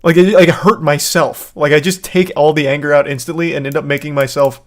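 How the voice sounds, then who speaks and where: Male streamer, slightly high voice, loose rambling commentary, casual cursing. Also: steady tone, brisk. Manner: rambling, swears casually, laughs at himself. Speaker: streamer reacting to a video.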